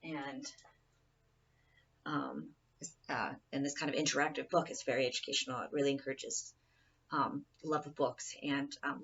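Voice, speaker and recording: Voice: medium pitch, vocal fry, sharp tone, breathy edge, dull audio. A person giving an informal presentation speech in a rambling, casual way, often restarting sentences, recorded from a distance.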